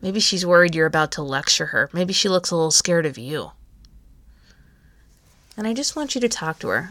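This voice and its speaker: Gentle coaching woman, low dry voice. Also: lively intonation, a little fast, dry recording. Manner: gentle, coaching, speaks straight to the listener. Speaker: podcast host. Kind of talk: encouraging self-help talk.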